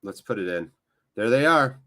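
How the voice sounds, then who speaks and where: A man's voice: mid-range voice, lively intonation, moderate pace, bright, forceful tone. An American man hosting a live football watchalong, chatting in a rambling, casual way straight to his viewers, sounding emotionally drained. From United States. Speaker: watchalong host.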